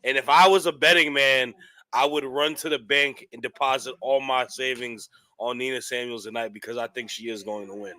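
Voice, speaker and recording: A man co-hosting a casual wrestling watchalong, excitable and joking, often tripping over his words. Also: medium pitch, brisk. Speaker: co-host.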